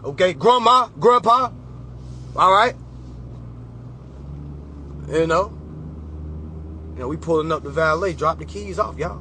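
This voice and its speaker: A man with a high-pitched voice delivering a preachy, animated talk to his followers. He leans on slang and keeps checking in with "okay?". A faint hum of a car runs underneath. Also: measured pace, long pauses. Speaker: financial mentor. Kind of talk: casual motivational talk.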